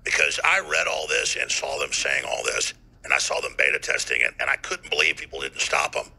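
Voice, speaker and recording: A man hosting a talk radio show, delivering a heated, ranting monologue with bursts of shouting. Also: a bass voice, wildly swooping pitch, a little fast, vocal fry, slightly rough.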